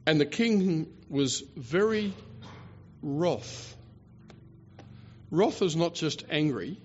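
A man preaching a sermon, animated and theatrical, with mocking asides. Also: a little high, drawn-out words, pauses often, husky, long reverb tail. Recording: dull lo-fi recording.

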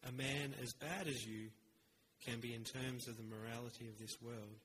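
A man preaching a sermon in an earnest, measured way, with rhetorical pauses. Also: medium pitch, steady tone, background noise.

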